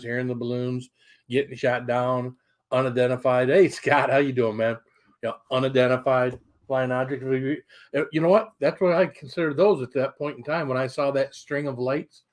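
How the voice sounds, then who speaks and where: A man's voice: medium pitch, moderate pace. A middle-aged man hosting a casual live stream, telling a story in a rambling, chatty way, swearing now and then, and breaking off to greet viewers. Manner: colorful swearing. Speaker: livestream host.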